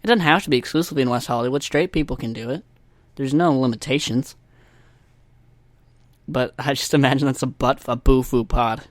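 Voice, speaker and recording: A man hosts a casual solo podcast and rambles along in a profane, self-mocking way. His voice sits at an ordinary middle pitch. The recording is dry and close on a USB desk microphone. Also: fairly quick, long pauses, no room sound. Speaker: podcast host.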